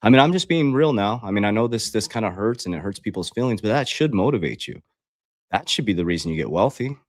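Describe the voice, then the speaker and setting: A man's voice: on the low side, lively intonation, quick pace, no room sound, studio quality. Blunt, swearing male coach. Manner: blunt and confrontational, swears freely; addresses viewers directly as guys. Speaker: life coach. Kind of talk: livestream motivational talk.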